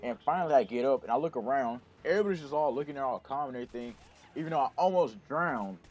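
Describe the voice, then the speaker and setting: A man's voice: mid-range voice, fast talker, muffled recording. Young man rambling through a story. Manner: rambling, self-correcting, animated retelling. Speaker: gaming channel host. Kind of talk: casual storytelling to camera.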